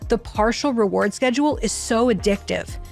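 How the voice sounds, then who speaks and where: Woman, dating-advice explainer, earnest teacherly delivery, fairly high voice. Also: moderate pace, vocal fry, darkish tone, soft background music.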